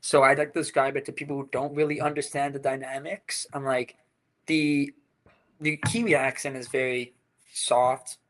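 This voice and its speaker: A man's voice: mid-range voice, little pitch movement, normal speed, a bit bright. Rambling English-born man in casual interview. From England. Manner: rambling, many fillers and restarts. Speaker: brewery co-founder, guest.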